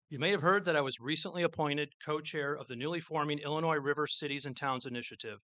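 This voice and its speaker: A man's voice: on the high side, bright, forceful tone, dry recording. A man giving a formal public address as mayor, telling a story with small slips. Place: public event with an audience.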